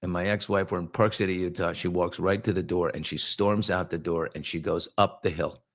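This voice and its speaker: Middle-aged male host, lower voice, relaxed morning chat, animated storyteller, reads viewer comments. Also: fairly quick. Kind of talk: casual live morning chat.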